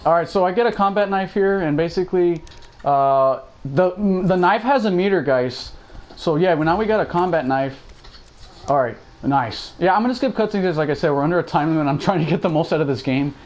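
A man's voice: fairly high pitch, fairly quick, a little mellow. A young man commentating as he plays a horror game, talking to his viewers and exclaiming at every scare. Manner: jumpy, exclaims and chatters to viewers while playing. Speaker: gaming YouTuber. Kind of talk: let's play commentary.

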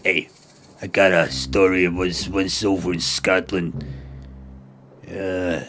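Man doing a foul-mouthed barroom storyteller, low voice, slow drawl, brash, improvised comedy. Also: little pitch movement, fairly bright tone, slight background noise, exaggerated voice. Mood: rowdy. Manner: brash, swearing, repeats lines.

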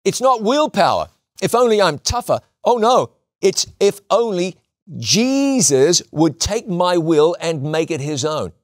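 A man preaching a sermon in an emphatic way, repeating lines for stress and slowing on key words. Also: sits high, expressive, no echo, clean studio sound.

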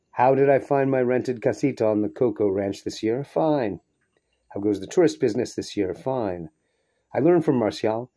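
A man reading a short story aloud in a steady, measured way, now and then breaking off for a brief aside. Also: fairly low pitch. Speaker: reader. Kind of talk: audiobook narration of a short story.

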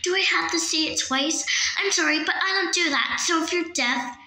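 A woman's voice: very high-pitched, moderate pace, sharp tone, echoey room, voice pushed up, full character voice. A woman voicing a mean, bratty young female pet who taunts and giggles in a toy pet fan drama. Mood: mocking.

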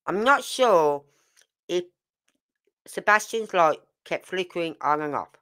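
A woman's voice: fairly low pitch, expressive, a little slow, a bit bright. An older woman, hosting a true crime channel and giving casual, emphatic commentary full of rhetorical questions.

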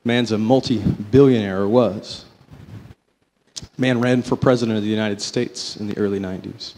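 A man sharing his faith testimony before an audience, telling it as a story that swings between slow, emphatic phrases and quicker runs. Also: fairly low pitch, fairly even intonation, darkish tone, big-room sound. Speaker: company vice president giving a testimony.

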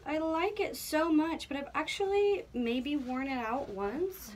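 A young woman chatting casually to camera as a vlogger, playful and animated while showing off clothes in a houseboat. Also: sits high, unhurried, a little hiss or hum. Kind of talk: casual vlog chat. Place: houseboat interior.

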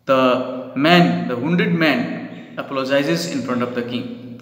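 A male English teacher explaining a literature chapter to children, pausing to define words and calling them "children". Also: mid-range voice, fairly bright tone. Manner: explains word meanings, addresses the children repeatedly. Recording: echoey room with long reverb.

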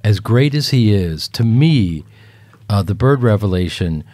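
A man guesting on a podcast, talking casually with halting restarts and repeated words. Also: fairly low pitch, animated, mellow, dry recording. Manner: halting, repeats words while searching for a point. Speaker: actor and comedian guest. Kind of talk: casual chat.

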